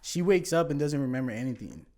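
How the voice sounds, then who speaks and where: A fast-talking man with a medium-pitched voice is a guest on a podcast, relaying a lengthy story in a relaxed way. He's animated, drops frequent swear words, and dramatizes the quotes.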